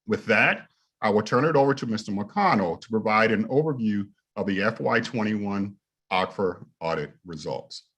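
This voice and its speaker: A man, an inspector general, reading prepared opening remarks at a hearing in a steady, formal way. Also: fairly low pitch, moderate pace, slightly rough.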